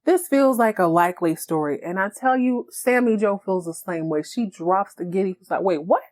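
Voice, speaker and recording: A woman hosting a podcast who recaps a TV episode in a comedic, animated way and laughs often. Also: medium pitch, moderate pace. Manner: animated, joking, laughs a lot. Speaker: podcast host.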